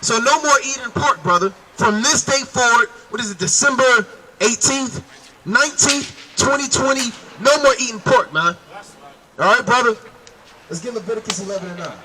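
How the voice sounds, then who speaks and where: A man with a very high, bright voice preaches outdoors. He keeps hammering his point and calling out to his listener as brother and man. The sound is sharp and forceful. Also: moderate pace, slight background noise, rough recording. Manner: emphatic, calls out "brother" and "man". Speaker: street preacher. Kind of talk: street preaching.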